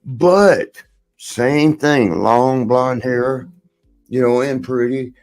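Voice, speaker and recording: An older man hosting a casual podcast, spinning loose, meandering stories and laughing between lines. He talks at an everyday pitch and acts out what other people said. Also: very slow, a little mellow, faint music behind. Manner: laughs often, rambling anecdotes with quoted voices. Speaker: podcast host. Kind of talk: casual storytelling chat.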